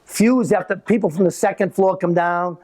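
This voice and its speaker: A man's voice: high-pitched, normal speed, darkish tone. A man in his sixties doing live stand-up, rambling through stories and checking in with the audience. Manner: rambling, repeats himself, asks the audience. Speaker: stand-up comedian.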